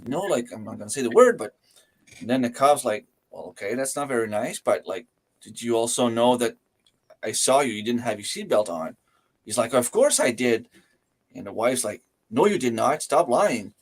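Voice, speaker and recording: A man's voice: medium pitch, very animated, normal speed. A man telling a joke in casual chat, acting out the characters. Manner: telling a joke with acted voices.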